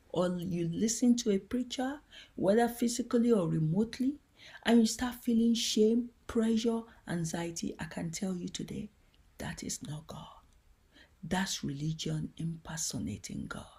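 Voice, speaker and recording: A woman giving a devotional teaching talk in a gentle, earnest and heartfelt way. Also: medium pitch, expressive, measured pace. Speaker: Christian teacher.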